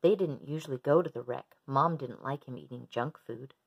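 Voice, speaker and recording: A woman gently reading a children's storybook aloud in a steady storyteller voice. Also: rumbling low, moderate pace, gravelly, breathy edge.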